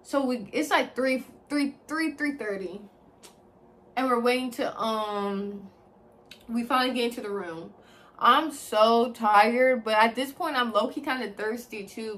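A young woman with a fairly high voice recounts a personal story in a loose, conversational vlog style. She is expressive and chatty, calls her viewers y'all, and drops the odd curse word along the way. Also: unhurried. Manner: chatty and expressive, addresses viewers as y'all, swears freely, heavy use of like. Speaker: vlogger. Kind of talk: casual storytime chat.

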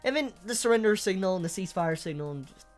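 A woman's voice: mid-range voice, expressive, fast, a little mellow, faint music behind. Woman ranting, stammering and cursing. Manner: profane, stammering, repeats words. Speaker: anime reviewer. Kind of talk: angry rant to camera.

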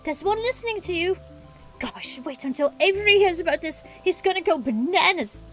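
Eine Frau liest eine begeisterte Dino-Forscherin. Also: female voice, extremely high pitch, moderate pace, faint music behind. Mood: excited. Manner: bubbly, excitable, read aloud with expression. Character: cheerful eager dinosaur researcher. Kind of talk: reading game dialogue aloud.

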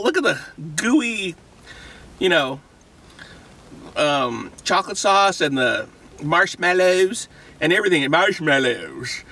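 A man hosting a casual food review vlog, talking in a goofy, rambling, excitable way. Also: high voice, distant mic.

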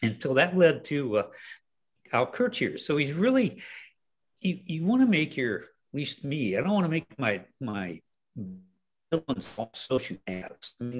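Male novelist on a video call, halting and rambling, animated delivery. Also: medium pitch. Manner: rambling, halting with many fillers. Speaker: author. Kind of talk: casual interview talk.

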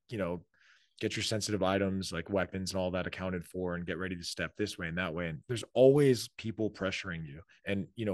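A man's voice: low voice, no room sound. A man, a military leader being interviewed on a podcast, talking casually with many fillers. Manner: conversational, many fillers, acts out quoted orders. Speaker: author and army leader, podcast guest.

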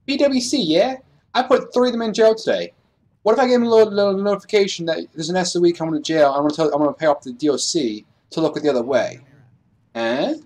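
A man's voice: high-pitched, a little mellow. A man playing a police interrogator in an online game role-play, taunting and repeating himself as he presses for information. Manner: taunting, repetitive, quick-talking interrogator.

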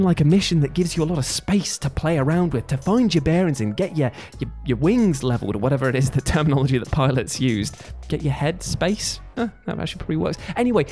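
A man's voice: on the high side, darkish tone. A man giving a sweary, sarcastic scripted comedy voice-over as a video host.

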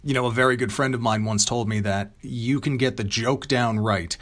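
A man's voice: medium pitch, normal speed. A young man with a radio tone, answering interview questions casually with plenty of ums and you-knows. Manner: relaxed, conversational, many ums and you-knows. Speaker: voice actor and content creator. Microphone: home mic.

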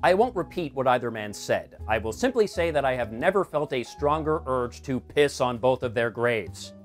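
A man's voice: medium pitch, lively intonation, moderate pace, faint music behind. A man giving sarcastic, exasperated scripted commentary as a film reviewer, swearing freely.

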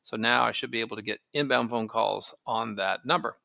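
A man's voice: mid-range voice, fairly even intonation, fairly quick, vocal fry, pushed and bright, no room sound. A man casually walking through a phone service setup, thinking aloud with fillers as he clicks along. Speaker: tech tutorial host. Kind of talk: casual screen-recording walkthrough.

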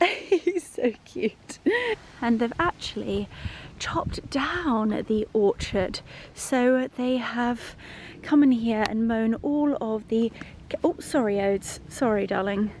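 A woman vlogging, chatting warmly and gushingly to her viewers and her dogs. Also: on the high side, slow pace, a little hiss or hum. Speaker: lifestyle vlogger. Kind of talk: casual vlog chat to camera.

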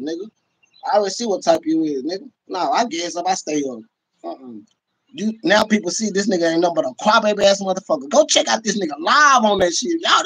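Man, high pitch, profane mocking livestream rant, bursts of shouting. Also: poor audio. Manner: profane, mocking, animated, with sudden shouts and laughs. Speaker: livestream host. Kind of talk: ranting livestream commentary.

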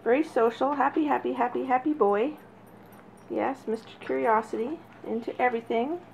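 A woman breeder talking casually and fondly while she films her puppies, now and then calling to them in a high sing-song. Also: moderate pace, gravelly. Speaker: dog breeder. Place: indoors near a puppy crate. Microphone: handheld camera. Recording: dull lo-fi audio with faint noise.

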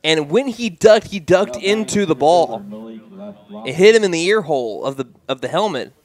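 A man calling a high school baseball game on local radio, steady and conversational, with his voice jumping up on strikeouts and big plays. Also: moderate pace. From United States. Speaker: play-by-play radio announcer. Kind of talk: baseball play-by-play commentary.

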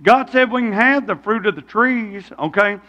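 A man's voice: sits high, animated, moderate pace, bright, forceful tone, muffled recording. A man doing flustered first woman, defensive, repeats herself, echoing church hall.

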